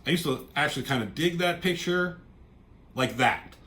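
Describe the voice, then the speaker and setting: A man's voice: on the high side, expressive, moderate pace, fairly bright tone. A man reviewing a comic book in casual, rambling chat, swearing offhandedly and trailing off into asides.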